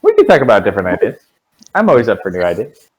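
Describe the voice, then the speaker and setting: A young man runs a tabletop game, speaking with a lively, wide-ranging voice. He keeps the talk loose and joking between rolls. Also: fairly low pitch, very fast, breathy edge, low-quality recording. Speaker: dungeon master. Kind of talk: running a tabletop game stream.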